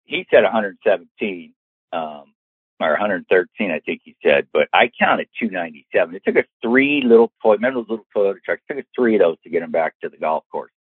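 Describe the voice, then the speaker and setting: A man telling a long casual anecdote, lively and acting out the voices of the people in it. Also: low voice, fast, breathy edge, no echo. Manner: animated, acts out quoted voices. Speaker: storyteller guest. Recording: tinny phone-like sound.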